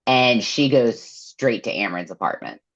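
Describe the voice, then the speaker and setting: Very low-voiced woman recapping a book. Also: a little slow. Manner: animated storyteller acting out quotes. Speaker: podcast co-host. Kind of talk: casual book recap chat. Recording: dull lo-fi sound.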